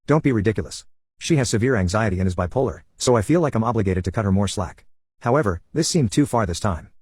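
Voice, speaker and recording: A man narrating a personal story in a steady first-person telling. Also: lowish voice, fast, slightly rough, dry recording.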